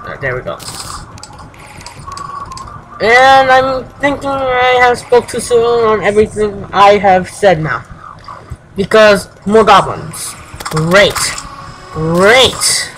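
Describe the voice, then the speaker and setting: A young man giving casual let's-play commentary, excitable and swearing often, jumping into high exclamations. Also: slow pace, pauses often, slight background noise, rough recording. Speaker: gameplay commentator.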